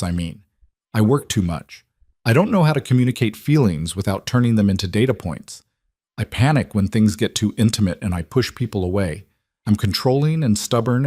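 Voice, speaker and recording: A guarded, driven woman CEO, read by a man in a fairly low voice, pours out her fears in an earnest, confessional way. The story sounds read aloud, recorded close and dry with no room sound. Her words come anxious and searching. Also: a little mellow, dry recording. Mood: rueful. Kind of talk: audiobook-style story reading.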